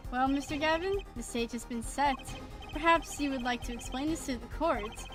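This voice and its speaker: A woman voicing a suave, calm male defense lawyer, reading the lines in a measured way. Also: sits high, over music, close to an everyday voice. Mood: composed.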